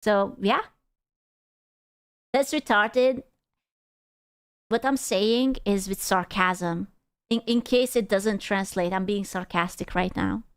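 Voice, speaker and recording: A woman's voice: medium pitch, slow, pauses often, clear, resonant tone, no room sound. Blunt, sweary woman streamer. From Europe. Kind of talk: casual reaction stream.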